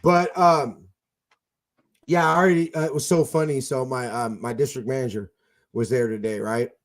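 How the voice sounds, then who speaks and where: A man's voice: medium pitch, fairly even intonation, moderate pace. A man hosting a casual fan podcast over an internet call, telling rambling stories full of fillers and restarts. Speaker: podcast host.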